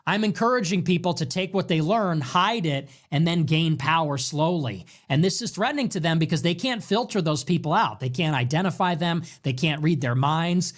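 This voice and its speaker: A man hosting a political livestream in a casual, mocking rant, mimicking his critics. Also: on the high side. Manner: mocking, quotes critics in exaggerated voices. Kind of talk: casual ranting commentary.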